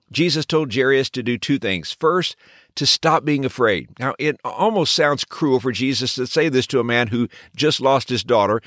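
A man hosting a devotional podcast, speaking in a gentle, earnest and reassuring way. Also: medium pitch, dry recording, studio quality. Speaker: podcast host.

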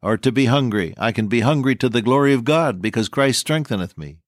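A man's voice: mid-range voice, brisk, no room sound, clean studio sound. An older man teaching the Bible on the radio, folksy and earnest, repeating his key lines. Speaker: radio preacher.

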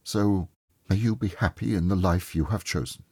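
A man reading the part of a sorrowful young woman who softly releases her fiancé, speaking gently and with quiet reproach. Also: sits low, normal speed, breathy edge, no echo, studio quality. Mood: resigned resolve.

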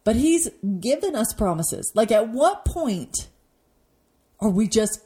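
Earnest woman, mellow voice, devotional talk. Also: on the high side, very animated, takes it slowly. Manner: earnest, emotional, voice rising when moved. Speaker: podcast host teaching devotionally. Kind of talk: devotional teaching and personal story.

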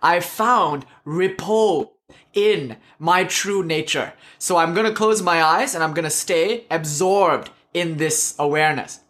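A man voicing a smug male saint who lectures slowly about his own insight. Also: fairly high pitch, a bit bright.

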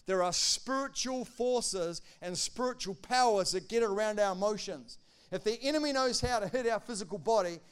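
A male pastor preaching a sermon, animated, acting out quotes and swinging between loud declarations and hushed asides. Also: sits high, clear, resonant tone.

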